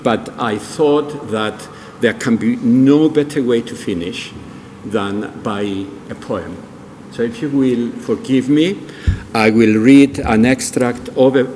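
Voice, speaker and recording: A man's voice: medium pitch, a little mellow, a little hiss or hum. Older man telling stories in a reverberant hall. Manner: storytelling, quizzes the audience. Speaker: speaker at a public event. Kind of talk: public presentation. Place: large museum hall. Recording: long hall reverb, faint room ambience.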